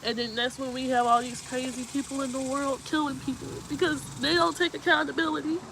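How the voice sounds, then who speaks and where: A woman's voice: sits high, flat delivery, a little fast, background noise. A woman hosting a live talk show, speaking earnestly and emotionally as she gives heartfelt advice and keeps asking if you know what she means. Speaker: host.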